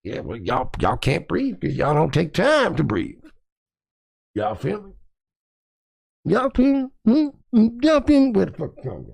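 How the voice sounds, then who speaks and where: A man's voice: a little high, huge pitch swings, measured pace, creaky, long pauses, a little mellow, slightly rough, no echo, clean studio sound, voice pushed up, full character voice. A man voicing a grumpy old man who lectures young people in a preachy, scolding way.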